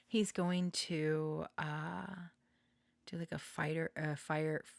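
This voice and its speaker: A woman's voice: sits low, level tone, slow, creaky, no room sound. A young woman hosting a casual, rambling chat, laughing often and sometimes dropping to a whisper. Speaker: podcast host.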